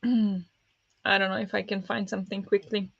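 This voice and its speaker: At a moderate pace, this woman speaks in a mid-range voice with little pitch movement, vocal fry, and a breathy edge. She hosts a live book readalong, casually chatting, answering chat by name, and using many ums in a friendly manner. Her dull lo-fi mic sounds dry, with no room sound.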